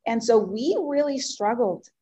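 A woman in her forties whose first language is Spanish, telling her life story as an interview guest in an earnest, heartfelt way, with many ums and pauses. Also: on the high side, lively intonation, dark tone. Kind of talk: personal life story in conversation.

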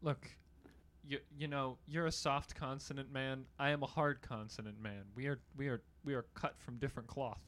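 A young man in casual chat, telling stories in an animated way and swearing freely, his voice climbing and getting loud when he rants. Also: moderate pace. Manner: animated storyteller, swears, gets loud and high when ranting.

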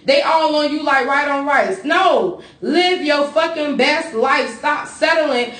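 A woman's voice: high voice, takes it slowly, fairly bright tone, reverberant, distant mic. A woman co-hosting a casual podcast chat, talking in a blunt, profane, fired-up way. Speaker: podcast co-host.

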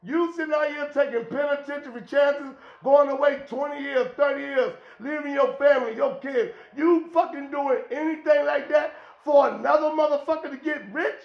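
A man's voice: very high-pitched, steady tone, moderate pace, creaky, few pauses, lo-fi sound. A man hosting his own podcast, lecturing bluntly and profanely in an unscripted rant. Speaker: podcast host. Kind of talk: unscripted street-talk rant. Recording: echoey room.

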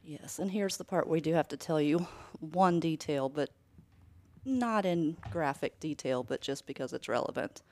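A woman co-hosting a podcast in casual chat, animated and emphatic, with swearing asides. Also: deep voice, moderate pace. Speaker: podcast co-host.

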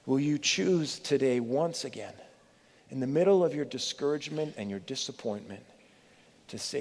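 A middle-aged man preaching a sermon as a pastor, earnest and pleading, with dramatic pauses. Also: mid-range voice, lively intonation, creaky. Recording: long reverb of a church hall.

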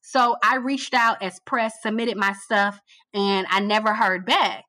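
A woman being interviewed about her work as a TV producer, telling her story in a casual, animated way and repeating phrases for emphasis. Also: medium pitch, a little slow, no echo. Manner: colloquial, addresses listener as girl. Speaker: guest, TV producer.

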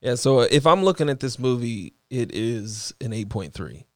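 A man co-hosting a podcast, chatting casually about a movie and often pausing to search for words. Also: mid-range voice, expressive, no room sound. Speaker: podcast co-host. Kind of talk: casual movie review chat.

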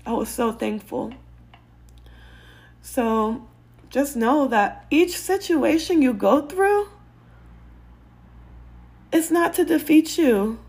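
A woman's voice: on the high side, creaky, husky. A woman podcast host giving personal faith-based advice, earnest and candid, with casual swearing.

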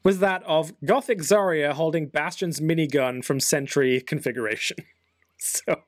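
A man's voice: a little high, moderate pace, no room sound, clean studio sound. A man co-hosting a casual gaming chat, laughing often and swearing casually. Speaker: podcast co-host.

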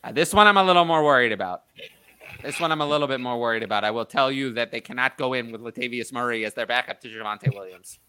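A man hosting a casual sports talk show, opinionated and thinking out loud with frequent restarts. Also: medium pitch, fast, clear, resonant tone, no room sound. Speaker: podcast host. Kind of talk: casual fantasy football chat.

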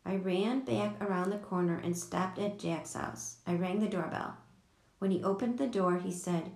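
Gravelly woman reading a storybook. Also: mid-range voice, moderate pace, darkish tone. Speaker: audiobook reader. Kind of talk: storybook narration. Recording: echoey room.

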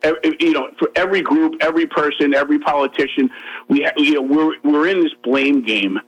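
A man's voice: on the high side, steady tone, breathy edge, highs cut off. A man arguing his points on a radio talk show, emphatic and repetitive, over a faint music bed. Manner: emphatic, fast-talking, repeats himself. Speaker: guest.

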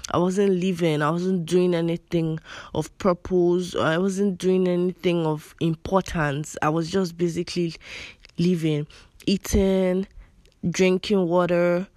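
A woman's voice: fairly low pitch, fairly even intonation, measured pace, a little mellow, no room sound, studio quality. A young woman with a Nigerian American accent, hosting a solo podcast in a chatty, self-deprecating, rambling way. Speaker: podcast host. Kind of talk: casual solo podcast talk.

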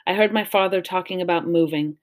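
Woman reading as a shy quiet girl in a storybook, soft, hesitant, a touch higher voice. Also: a little fast, natural voice.

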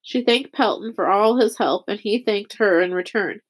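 A woman narrating a children's novel audiobook in a steady, measured storytelling voice. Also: medium pitch, husky. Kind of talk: scripted narration.

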